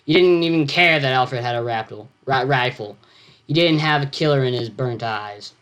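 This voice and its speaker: A man's voice: mid-range voice, a bit bright. Teen guy reading his own story. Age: teens. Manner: halting, self-interrupting, comments on own text. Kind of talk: reading own fiction aloud with asides.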